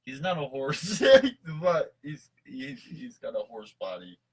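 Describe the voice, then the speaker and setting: A man's voice: medium pitch, huge pitch swings, takes it slowly, creaky, slightly rough, poor audio. A man co-hosting a casual chat, tipsy, rambling and goofy, reading from a list between jokes. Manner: rambling, goofy, laughs often, swears. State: tipsy from mead. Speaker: podcast co-host.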